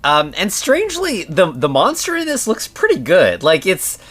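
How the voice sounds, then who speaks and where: A man's voice: high voice, huge pitch swings, normal speed, fairly bright tone, husky. A man co-hosting a podcast, chatting casually about a film, with many fillers and restarts as he talks. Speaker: podcast co-host. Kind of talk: casual chat reviewing a film.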